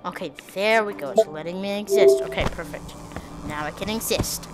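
A woman's voice: medium pitch, normal speed. A woman giving silly, giggly gameplay commentary as host of her gaming channel. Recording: loud game music behind.

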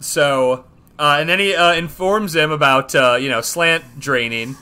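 A man's voice: a little high, measured pace, sharp tone, clean tone. A man co-hosting a comedy podcast, telling a made-up story with fillers and chuckles. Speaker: podcast co-host.

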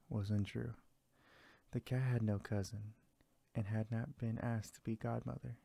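A man narrating a fairy tale aloud in a steady, unhurried storytelling manner. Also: mid-range voice, gravelly, dry recording.

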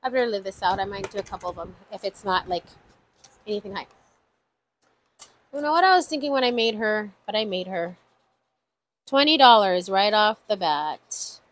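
Speaking in a mid-range, fairly bright voice, a woman runs a casual budgeting vlog built around a savings challenge. She chats with her viewers, counts figures out loud, and exclaims a lot, all on a low-quality recording.

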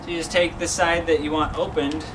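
Relaxed man demonstrating outdoors, echoey. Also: on the high side, fairly quick, noisy background. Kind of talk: casual demonstration. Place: outdoors on cement.

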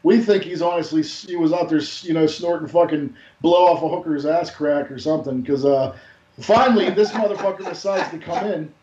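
A man hosting a podcast from home, telling a story in a casual, profane and animated way. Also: a little high, brisk. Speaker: podcast host. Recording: echoey, dull lo-fi room sound.

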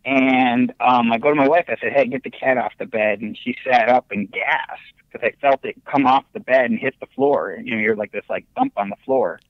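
A man telling his ghost story as a podcast guest, animated and excitable, with big jumps in his voice. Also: medium pitch, moderate pace, dry recording. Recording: dull, lo-fi remote audio.

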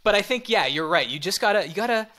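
A man in casual podcast chat, telling an animated travel story with many restarts. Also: high voice, fast. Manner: animated storyteller, acts out voices, restarts often. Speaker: podcast co-host or guest.

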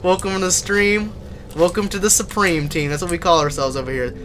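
Young guy streaming a scary game, bright voice, jumpy and swearing, faint noise behind. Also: high voice, fairly even intonation, fairly quick. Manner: jumpy, swears and yelps in fright, then chats to viewers. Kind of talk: live horror game commentary.

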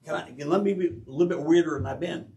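An older man preaching an animated, emphatic sermon as pastor of his church, acting out quoted asides. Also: on the high side, fast, vocal fry. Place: church sanctuary. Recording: roomy church sound from a distance.

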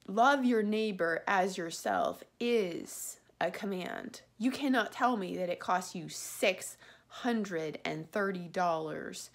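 A woman ranting indignantly in a personal vlog about a service she feels cheated by, repeating herself as her anger builds. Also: mid-range voice. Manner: indignant, repetitive, drops to whispers when praying. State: angry. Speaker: customer complaining about a web host. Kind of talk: angry personal rant vlog.

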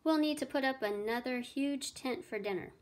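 A woman reading aloud, voicing a bustling, brisk male knight in a storybook. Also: sits high, a little mellow, close to an everyday voice. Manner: brisk, eager.

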